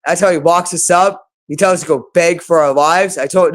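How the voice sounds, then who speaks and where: A man's voice: fairly high pitch, steady tone, fairly quick. A man in a rambling, agitated monologue to his viewers, accusing someone and repeating the same phrases again and again.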